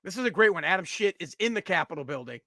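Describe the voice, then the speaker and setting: A man's voice: high voice, expressive, fast talker, bright, forceful tone, no room sound, clean studio sound. A man giving heated, blunt, profane solo commentary.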